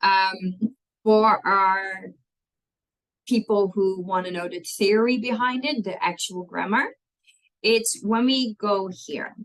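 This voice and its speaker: Slow, patient woman. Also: mid-range voice, fairly even intonation, a bit bright, low-quality recording. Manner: patient, step-by-step, checks understanding with "okay?". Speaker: Dutch language teacher. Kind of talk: explaining spelling rules in a language lesson.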